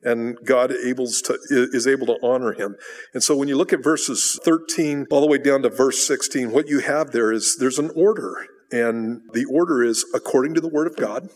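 A man's voice: medium pitch, moderate pace. A man preaching a sermon as a pastor, emphatic, asking rhetorical questions and answering them himself. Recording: long reverb of a large hall.

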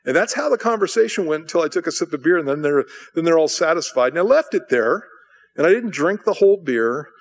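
A man's voice: fairly high pitch, lively intonation, fast. Conversational male pastor telling a story. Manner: conversational, acts out voices in anecdotes. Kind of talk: sermon with storytelling.

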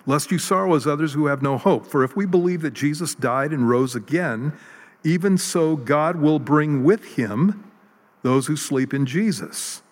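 A man preaching a sermon in a relaxed, conversational way, with self-deprecating jokes and many ums and restarts. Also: mid-range voice. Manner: conversational, jokey, with fillers and restarts. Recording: long hall reverb.

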